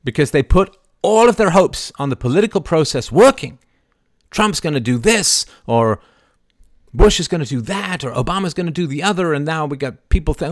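A middle-aged man hosting a live show, talking passionately and swinging from soft asides to loud, emphatic outbursts. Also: fairly high pitch, animated, normal speed, no room sound, clean studio sound. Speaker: show host. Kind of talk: impassioned live-stream monologue.

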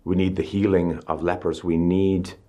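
A middle-aged man giving an emphatic public speech, pushing his pitch up on stressed words. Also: little pitch movement, normal speed, dark tone. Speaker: speaker.

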